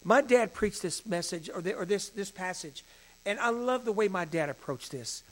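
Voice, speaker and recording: A male pastor preaching a sermon, shifting between hushed emphasis and louder passages. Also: sits high, lively intonation, normal speed.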